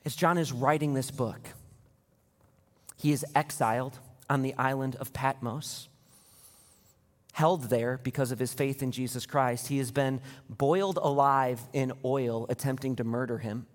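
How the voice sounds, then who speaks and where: A man preaching a sermon to his church, building to an impassioned, near-shouting pitch as he retells scenes. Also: steady tone, a little slow. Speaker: pastor. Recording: long hall reverb.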